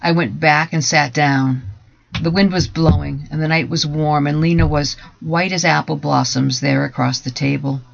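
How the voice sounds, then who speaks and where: A man giving a dramatic first-person story reading in a measured, deliberate voice that drops to hushed softer passages. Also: fairly high pitch, fairly even intonation, gravelly. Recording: dull lo-fi recording.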